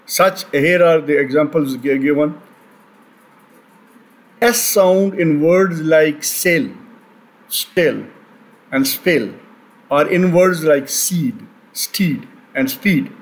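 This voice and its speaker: Guy lecturing, kinda high voice, slow and full of uhs. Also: rough recording. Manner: halting, many fillers and restarts. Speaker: teacher. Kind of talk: recorded lecture.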